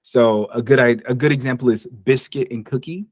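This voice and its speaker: A man's voice: mid-range voice, moderate pace, dry recording, studio quality. An American man teaching an online English lesson in a casual, joking way, stopping to act out little example dialogues. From United States. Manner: casual and jokey, acts out short example dialogues.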